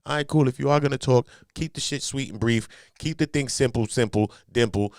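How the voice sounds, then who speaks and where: A man with a Los Angeles accent giving casual, animated commentary, joking in heavy street slang and turning low and serious when explaining. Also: a little fast, dry recording, studio quality.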